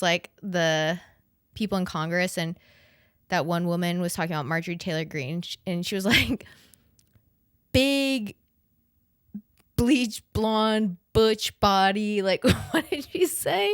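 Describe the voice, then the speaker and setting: Her medium-pitched voice is a bit bright, clear and resonant as this young woman hosts her podcast in studio quality without echo. She chats casually and rambles, swearing loosely and filling her speech with "like".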